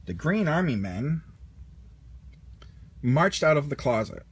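A man reading a children's storybook aloud as narrator, expressive. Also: on the high side, slow pace, noisy background. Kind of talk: storybook read-along.

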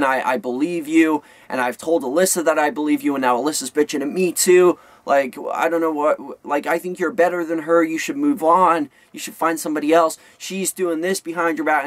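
A man's voice: fairly high pitch, a bit bright, no room sound. Young guy vlogging a storytime, rambly, lots of um and like, dry close sound. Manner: rambling, many fillers and restarts. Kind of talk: storytime vlog rant.

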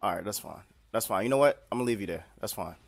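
A young man casually commenting on his own gameplay, joking and trash talking the other players with sudden bursts of excitement. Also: on the low side, fast, gravelly. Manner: animated, jokey trash talk to opponents, bursts of excitement. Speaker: gaming streamer.

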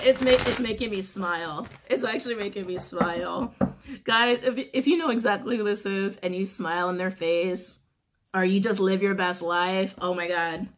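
A woman giving a casual, animated tarot reading to camera, often breaking into giggles and swearing freely. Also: mid-range voice, normal speed, background noise. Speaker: tarot reader.

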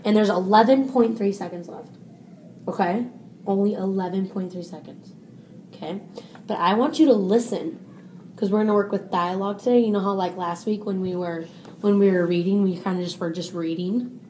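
A woman's voice: medium pitch, steady tone, moderate pace, dark tone, a little hiss or hum. A woman tutoring a student, explaining step by step and asking "okay?" often. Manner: patient, explains step by step with many "okay?" checks. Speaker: reading tutor. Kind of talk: one-on-one teaching.

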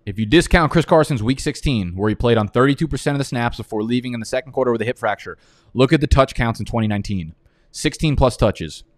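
A man's voice: mid-range voice, dry recording, studio quality. A man hosting a live fantasy football draft, talking in a casual, rambling way and swearing freely. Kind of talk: live-streamed draft commentary.

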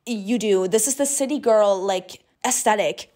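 A woman's voice: mid-range voice, moderate pace, hardly any pauses, darkish tone. A young woman doing a chatty voice-over, spinning a playful story and talking straight to the viewer. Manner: playful, gossipy, addresses the viewer directly. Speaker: book vlogger.

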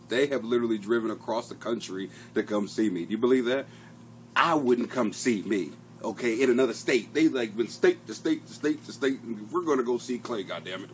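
A man's voice: medium pitch, moderate pace, slight background noise. A middle-aged man hosting his own comedy podcast from a home basement, chatting casually in a profane, rambling, self-mocking way. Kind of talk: casual live-stream chat.

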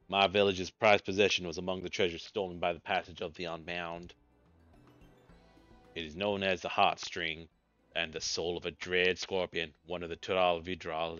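A man's voice: deep voice, little pitch movement, moderate pace, fairly bright tone. A man voicing a formal male traveler from a game, with a put-on American Southern accent, reading the lines solemnly. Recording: dull lo-fi mic with faint game music.

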